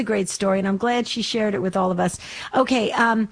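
A woman's voice: medium pitch, steady tone, brisk. A woman hosting a live call-in radio show, effusive and affirming, with many restarts.

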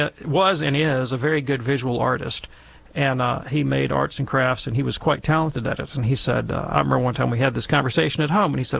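A man, an interview guest, telling a childhood anecdote in a relaxed, wry, self-deprecating way. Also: medium pitch, fast talker, gravelly. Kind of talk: anecdotal storytelling.

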